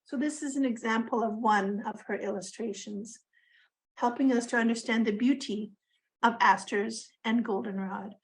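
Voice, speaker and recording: A woman author from Canada, a mother of grown twins, speaking gently and in a measured way in a recorded video introduction. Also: a little high, steady tone, rough recording.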